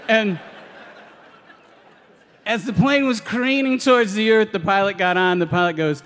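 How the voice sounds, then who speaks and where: A man's voice: high-pitched, normal speed, a bit bright, long reverb tail. A man doing live stand-up storytelling, hesitant and full of ums, laughing through his lines. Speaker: stand-up comedian. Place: live radio stage before an audience.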